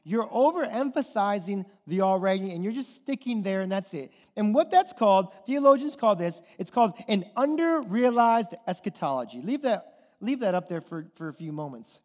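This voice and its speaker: In a church hall with long reverb, a male pastor preaches at normal speed in an animated, high, slightly mellow voice. He keeps asking the congregation questions and checks in with "okay?" and "right?".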